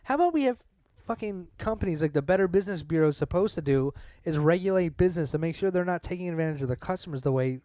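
Exasperated young man ranting, smooth voice. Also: a little high, animated, fast, hardly any pauses, darkish tone, dry recording, clean studio sound. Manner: exasperated, swearing, acts out quotes. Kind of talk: casual chat, ranting story.

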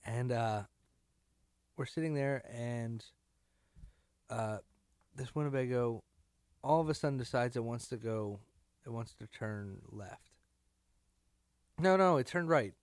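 A man's voice: medium pitch, slow, pauses often, clean tone, dry recording, clean studio sound. A tired man co-hosting a podcast with a morning voice, rambling and trailing off in casual chat. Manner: rambling, self-deprecating, trails off. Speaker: podcast co-host. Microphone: studio microphone.

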